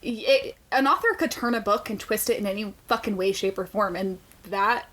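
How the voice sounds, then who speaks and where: A woman co-hosting a book podcast in casual chat, animated and profane, laughing often. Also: medium pitch, moderate pace. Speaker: podcast co-host.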